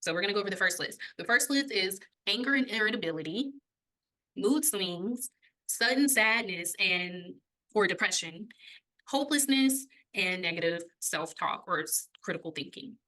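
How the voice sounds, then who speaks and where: A young adult woman co-hosting a podcast, chatting casually and explaining a topic, laughing often and getting a little breathless when excited. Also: medium pitch, moderate pace, rough recording. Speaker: podcast co-host.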